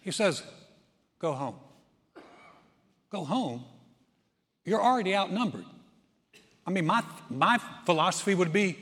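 A man preaching a sermon, telling a story with acted-out voices and swinging from loud to hushed. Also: high voice, very animated, unhurried, long pauses, slightly rough. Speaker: pastor. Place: large church sanctuary. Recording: long hall reverb.

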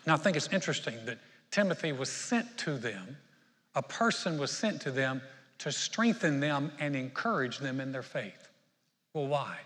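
A man's voice: medium pitch, a bit bright, in a large hall. A pastor preaching a sermon, telling a joke story and then urging his listeners with growing emphasis. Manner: storytelling with jokes, rising to emphatic exhortation. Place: church sanctuary.

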